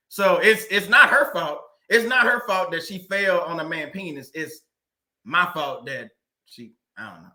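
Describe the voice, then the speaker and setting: Bright, high-voiced man telling a story. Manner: animated, laughing, repetitive emphasis. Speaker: livestream host reading viewer comments. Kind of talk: casual storytelling livestream.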